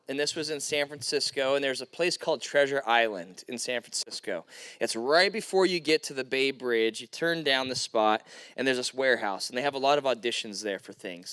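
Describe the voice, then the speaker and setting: A man giving a youth sermon, telling stories and acting out voices with big pitch jumps. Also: fairly bright tone, smooth. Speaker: youth pastor.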